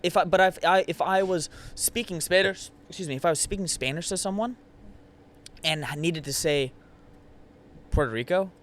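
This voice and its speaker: A man's voice: on the high side, normal speed, a bit bright. A man co-hosting a podcast, blunt and opinionated in casual chat, laughing often. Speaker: podcast co-host.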